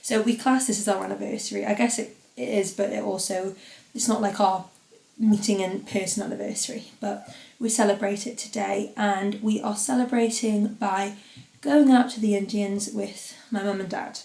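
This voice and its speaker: A woman's voice: medium pitch, fairly even intonation, normal speed, gravelly, warm tone. A young woman hosting a podcast on her own, chatting casually and rambling with lots of fillers. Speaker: podcast host. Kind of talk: casual solo podcast chat. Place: home podcast studio. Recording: roomy echo.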